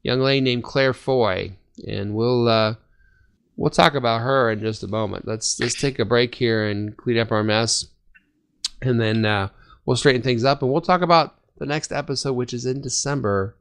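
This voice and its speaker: Smooth-voiced young man co-hosting. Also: medium pitch, normal speed. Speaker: podcast co-host. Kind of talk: casual chat.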